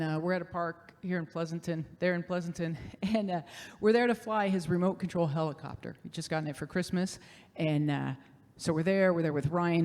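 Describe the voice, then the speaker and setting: A woman's voice: fairly low pitch, a little mellow. A middle-aged woman telling a humorous personal story on stage, self-deprecating and chatty with many fillers. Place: showcase stage. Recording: long hall reverb.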